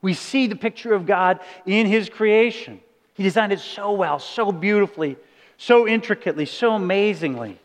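A man's voice: sits high, moderate pace. A man preaching a sermon, emphatic, often asking his listeners rhetorical questions. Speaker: pastor. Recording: long reverb of a large hall.

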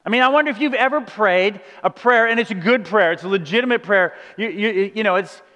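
A man with a high voice preaches to his congregation, keeping it conversational and earnest and leaning on rhetorical questions. His words ring out with a long reverb, as if from a large church sanctuary. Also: a little fast, bright, forceful tone, lo-fi sound. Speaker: pastor. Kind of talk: sermon.

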